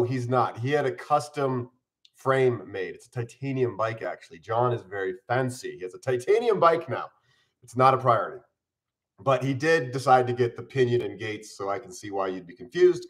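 A man's voice: medium pitch, a bit bright. A man in his forties hosting a casual live stream from home, chatting upbeat and eating on camera while mildly ill.

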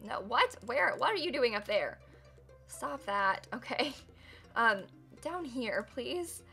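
A woman's voice: on the high side, lively intonation, takes it slowly, vocal fry, sharp tone, soft background music. A woman live-streaming a building game, chatting casually with her viewers, giggling and teasing herself as she works. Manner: chatty, giggly, self-mocking, talks to chat.

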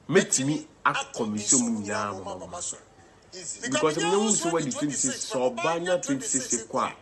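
A man's voice: mid-range voice, lively intonation, moderate pace. A man with a Ghanaian accent speaking in a preaching style, switching between English and Twi. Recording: crowd noise behind.

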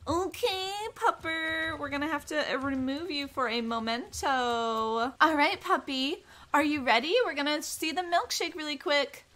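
A woman's voice: high voice, measured pace, few pauses, bright, forceful tone. A young woman casually commenting on her gameplay, bubbly and gushing, full of "oh my gosh" and "like". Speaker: gaming YouTuber.

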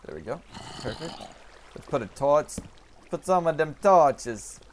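Guy narrating his game, gets real excited, voice jumps all over, little hiss behind. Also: on the high side, measured pace. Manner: excitable, talks to himself, swings between mutters and shouts. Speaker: gaming youtuber. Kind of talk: gameplay commentary.

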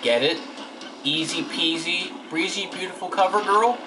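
A young man talks through his gameplay in a goofy, sarcastic, joking voice that sits a bit high, and he often speaks straight to the characters on screen. A steady hiss runs under the home recording. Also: normal speed. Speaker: let's play gamer. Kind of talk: casual gameplay commentary. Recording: home mic with noticeable hiss.

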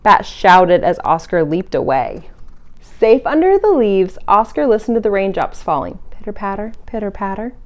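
A woman's voice: medium pitch, measured pace. A woman leading a family camp, reading a picture book to children with playful sound effects, then giving simple at-home activity tips. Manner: animated read-aloud, playful sound effects.

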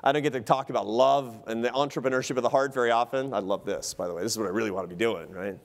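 A man giving a public lecture in a hall, telling stories in an animated, humorous way. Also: mid-range voice, rapid-fire.

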